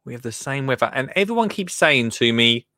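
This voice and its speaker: A man's voice: mid-range voice, animated, fairly quick, bright, forceful tone, no room sound, studio quality. A man hosting a casual chat, joking around, laughing often and drifting into little rants. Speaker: podcast host.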